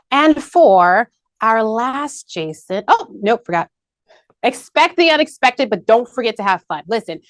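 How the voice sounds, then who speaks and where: Energetic woman leading a staff meeting. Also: on the high side, no room sound. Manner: energetic, coaching, repeats key points. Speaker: marketing presenter at a company meeting. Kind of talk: upbeat training presentation.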